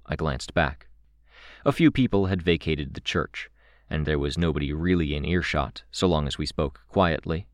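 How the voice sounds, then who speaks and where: A man narrating a first-person novel in an even, unhurried way. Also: extremely low pitch, no echo, studio quality. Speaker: audiobook narrator.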